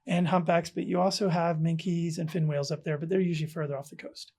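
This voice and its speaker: Podcast guest from South Africa, man, light voice, earnest storyteller who goes quiet and hushed. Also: on the high side, level tone, quick pace. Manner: earnest, dropping to hushed tones. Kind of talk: personal storytelling in an interview.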